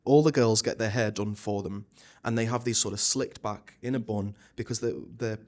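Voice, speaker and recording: A man, a stage actor, talking as a guest in a casual interview, animated and chatty with many restarts. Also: on the low side, moderate pace.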